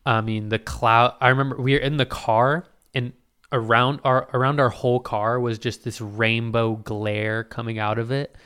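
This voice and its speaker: A young man answering viewer questions in a casual vlog, swearing freely and talking in animated, exclamatory bursts full of fillers. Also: medium pitch, clear, resonant tone. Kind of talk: casual Q&A storytelling.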